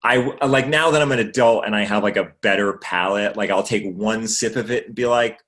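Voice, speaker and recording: A man's voice: fairly low pitch, fairly quick, fairly bright tone. A man from Maine, a guest actor chatting casually in a livestream Q&A, rambling with fillers and swearing freely. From Maine, USA.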